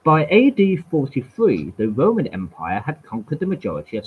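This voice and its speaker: A man reads aloud from webpages with a lively, up-and-down voice and a husky edge. He trips over words, repeats himself, and drops in dry remarks between passages. The sound is thin and tinny, like a phone line. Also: mid-range voice, normal speed. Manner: stumbling reader, repeats words, wry asides. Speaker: channel host. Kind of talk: reading aloud from webpages with casual asides.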